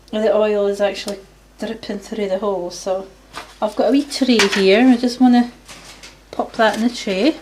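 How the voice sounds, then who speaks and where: Chatty Scottish woman in a noisy kitchen. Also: medium pitch. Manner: chatty, homely, talks while working. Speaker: home vlogger. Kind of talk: casual kitchen demonstration. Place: home kitchen.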